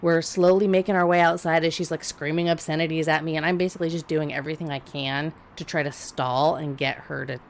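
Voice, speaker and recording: A woman on a podcast telling a story in casual chat, blunt and profane, animated and laughing as she talks. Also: low voice, quick pace, few pauses, slight background noise. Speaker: podcast co-host.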